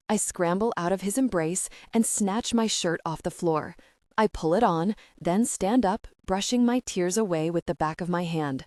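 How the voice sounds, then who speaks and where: A woman narrating a first-person romance audiobook in a steady, even reading voice. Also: on the low side, moderate pace, no room sound, studio quality.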